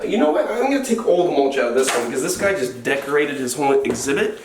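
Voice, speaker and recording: Very animated and fast, with few pauses, the mid-range-voiced keeper playfully chats to his animals while cleaning their indoor enclosures. The background is noisy, and the roomy distant-mic audio has music under it.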